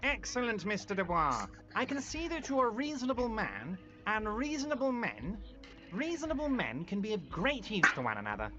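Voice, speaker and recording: A performer voicing a smooth-talking, ingratiating male union boss in a video game. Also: mid-range voice, huge pitch swings, normal speed, highs cut off, over music. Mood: flattering. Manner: ingratiating, overly polite.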